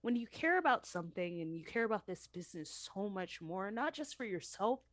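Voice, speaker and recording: A woman's voice: medium pitch, big pitch swings, brisk, no room sound. A woman in her thirties telling her story in a candid interview, earnest and heartfelt as she retells what happened. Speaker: professional wrestler interviewee.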